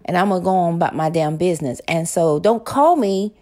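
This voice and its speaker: A woman's voice: fairly low pitch, brisk, mellow. A woman in a casual monologue, talking bluntly and swearing freely, acting out both sides when she retells arguments.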